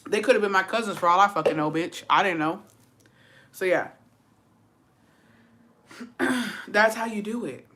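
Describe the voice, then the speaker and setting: A woman's voice: mid-range voice, measured pace, pauses often, fairly bright tone. A woman casually telling a story on her livestream, brash and profane, slipping Spanish phrases into her English. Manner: brash, profane and sassy, calling listeners "bitch" and "besties". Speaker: livestream host.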